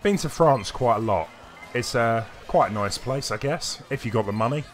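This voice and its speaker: At normal speed and in an animated mid-range voice, a man comments on his live game stream, his pitch rising and falling a lot. He rambles, stops to read and answer chat, and hesitates often, all over faint game music.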